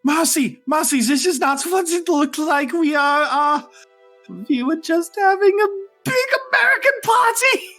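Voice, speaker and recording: A man doing a fussy young fae woman in a tabletop game, speaking with stiff formality and a raised, higher pitch. She keeps her composure with an air of proper manners, with faint music behind her. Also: lively intonation, unhurried, fairly bright tone. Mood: flustered. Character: prim, flustered young woman fae law student.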